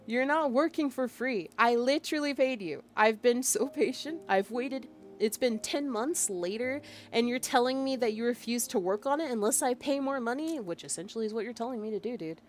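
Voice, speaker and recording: A woman's voice: a little high, lively intonation, normal speed, hardly any pauses, faint music behind. A woman streaming as a VTuber, casually venting as she reads out a chat log, exasperated and emphatic with lots of fillers. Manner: exasperated and emphatic, with frequent fillers and bursts of laughter.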